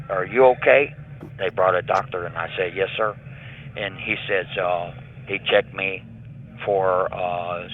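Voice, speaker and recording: Older male inmate storyteller, low-pitched, phone-line audio. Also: slight background noise. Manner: matter-of-fact storyteller, acting out dialogue. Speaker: prison inmate interviewee. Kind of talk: recounting a story over a phone call. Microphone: prison telephone. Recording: tinny prison phone line.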